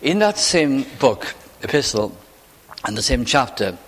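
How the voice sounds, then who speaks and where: A man preaching a sermon in a church, talking in a conversational way with rhetorical questions and slowing down to quote scripture. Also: mid-range voice, big pitch swings, a bit bright, breathy edge. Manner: slows for scripture quotations. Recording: reverberant hall.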